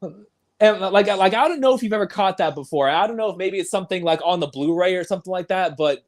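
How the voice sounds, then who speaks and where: A man's voice: sits high, fast talker. A man hosting a casual film discussion podcast, eagerly recapping scenes and often laughing. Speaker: podcast host.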